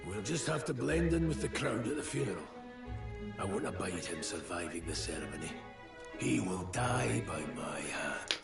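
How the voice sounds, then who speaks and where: A gravelly vengeful conspirator. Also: male voice, lively intonation, normal speed. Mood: menacing. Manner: cold, menacing, low vows of revenge. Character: grim vengeful male conspirator, adult. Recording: roomy distant game audio with music.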